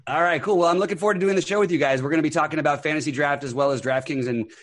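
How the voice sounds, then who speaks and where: A man hosting a fantasy sports podcast over an internet call, upbeat and full of fillers. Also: a little high. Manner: quick, upbeat, many fillers. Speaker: podcast host.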